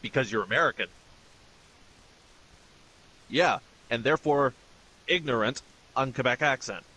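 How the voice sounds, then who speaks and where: A man's voice: medium pitch, a little slow, sharp tone, rough recording. A middle-aged man streaming games, ranting bluntly and swearing freely in casual commentary. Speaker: gaming streamer. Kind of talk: casual commentary over gameplay.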